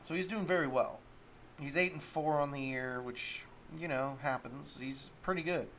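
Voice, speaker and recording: A man's voice: on the high side, normal speed, a bit bright, a little hiss or hum. A man hosting a solo sports talk stream, rambling casually and thinking aloud while he looks up stats. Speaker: sports talk show host.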